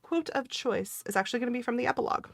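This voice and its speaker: A woman's voice: fairly high pitch, racing, vocal fry, no echo, studio quality. A woman co-hosting a podcast, chatting casually about a book with playful, emphatic asides. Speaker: podcast co-host. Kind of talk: casual book-club chat.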